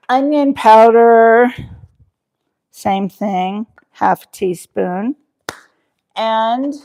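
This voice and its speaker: Slow easygoing woman chatting away to her chat while she cooks at home. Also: mid-range voice, dark tone. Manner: chatty, rambling, talks to viewers in chat. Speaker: cooking livestream host. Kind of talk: casual live cooking chat. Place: home kitchen.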